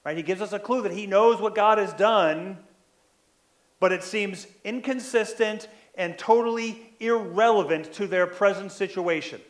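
A man's voice: high-pitched, unhurried, echoey room. A male pastor preaching a sermon, often checking in with "right?" and acting out quoted lines. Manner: frequent "right?" tag questions, acts out quoted lines.

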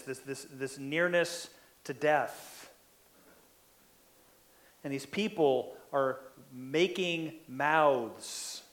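A man preaching a sermon in an earnest way, often repeating words as he presses a point. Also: on the high side.

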